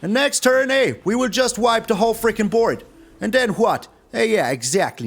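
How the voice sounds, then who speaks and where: Young guy playing and commentating, teasing his opponents, high voice that's all over the place. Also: moderate pace. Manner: playful, taunting, sing-song, swings between excited highs and low mutters. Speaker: game streamer. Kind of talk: casual gameplay commentary.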